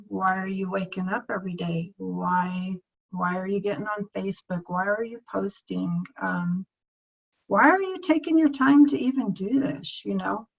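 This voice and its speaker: Slow earnest woman in her fifties. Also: medium pitch, creaky, highs cut off. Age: 50s. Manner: earnest, repeats herself, near tears. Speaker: team leader giving a coaching talk. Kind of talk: heartfelt motivational talk. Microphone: screen-share video recording.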